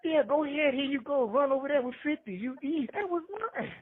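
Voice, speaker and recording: A man's voice: very high voice, expressive, a little fast. A man telling rambling street stories as a podcast guest, slangy and jumping between names. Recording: tinny phone line.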